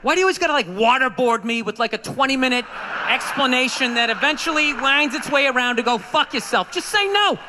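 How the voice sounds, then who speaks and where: A man's voice: very high voice, lively intonation, fairly quick, background noise. A man doing a profane, ranting stand-up set on a club stage, acting out the voices in his stories. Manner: profane, ranting, acts out quotes. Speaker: stand-up comedian. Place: comedy club stage, live audience.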